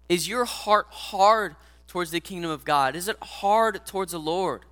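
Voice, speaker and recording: Bright, earnest male preacher. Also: high voice, unhurried, hardly any pauses, smooth. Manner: earnest, addresses listeners directly as guys. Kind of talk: sermon.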